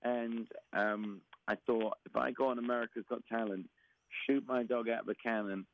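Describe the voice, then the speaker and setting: A man with a Southeast London accent, a guest performer chatting in an interview with dry, deadpan humor. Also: medium pitch, moderate pace, lo-fi sound, a little hiss or hum. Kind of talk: casual interview chat.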